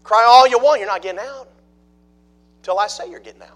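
A man's voice: very high voice, fairly quick, fairly bright tone. A middle-aged man preaching a sermon in a conversational way, asking the congregation questions as he explains a passage. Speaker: pastor.

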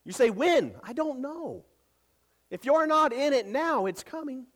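High-pitched guy preaching, punches up key lines, repeats himself, stumbles a bit in stories. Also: animated, unhurried, fairly bright tone. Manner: preaching with emphatic rises and repeated phrases; repeats words when speaking casually. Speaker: pastor. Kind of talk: sermon.

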